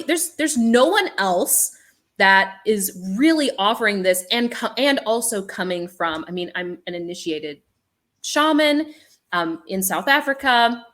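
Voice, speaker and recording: This woman, an initiated shaman from a business background, tells stories on a panel in a medium-pitched, unhurried voice. She's animated and says um often.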